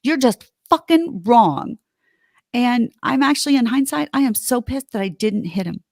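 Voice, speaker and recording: A woman's voice: a little high, lively intonation, moderate pace, darkish tone, no room sound, studio quality. A middle-aged woman, a podcast host, telling a story in a heated, indignant way with plenty of swearing. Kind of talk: casual podcast chat.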